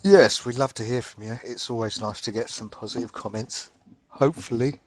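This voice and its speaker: A man's voice: mid-range voice, moderate pace, a little mellow, dry recording. A man hosting a casual gaming podcast, joking and playful. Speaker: podcast host.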